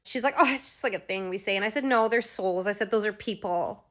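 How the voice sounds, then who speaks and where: A woman's voice: mid-range voice, fast talker, fairly bright tone. A woman telling her own story straight to her followers in a personal, emotional way, acting out what people said and repeating key phrases. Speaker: vlogger.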